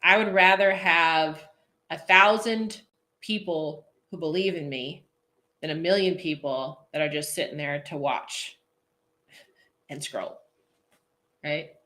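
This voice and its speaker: A woman hosts a casual live stream, talking straight to her viewers in a slightly low voice. She is chatty and goofy, laughs easily and reads out comments as they come in. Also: takes it slowly, long pauses, bright, forceful tone. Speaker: posing coach hosting a live feed.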